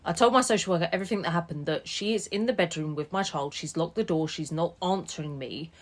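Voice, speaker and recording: Young woman, vlog storyteller, lower voice, lively and indignant telling of a personal story. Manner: animated, indignant retelling with quick asides. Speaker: TikTok storyteller.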